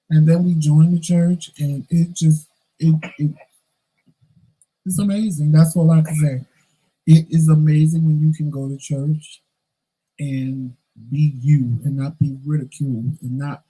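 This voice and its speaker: A middle-aged man hosting a vlog, telling a story in a casual, animated way with a lot of emphasis. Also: a little high, breathy edge, low-quality recording. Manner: animated, emphatic, says "child" often. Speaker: vlog host.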